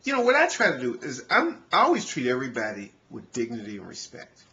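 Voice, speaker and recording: A man's voice: mid-range voice, huge pitch swings, fast, pushed and bright, lo-fi sound. A man vlogging in an earnest, conversational way, with frequent "you know" fillers. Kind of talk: casual talk to camera.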